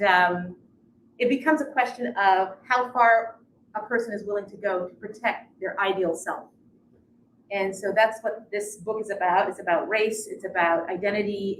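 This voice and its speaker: Speaking at a medium pitch over a slight hiss or hum, a woman talks up her novel before reading aloud, lively, quick to laugh and happy to joke about herself. The live reading and chat takes place in a bookstore with noticeable echo.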